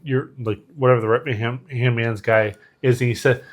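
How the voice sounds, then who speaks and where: A man's voice: mid-range voice, fairly even intonation, moderate pace. A man co-hosting a podcast, retelling a film scene in casual chat with lots of fillers and quoted lines. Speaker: podcast co-host. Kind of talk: casual movie recap chat.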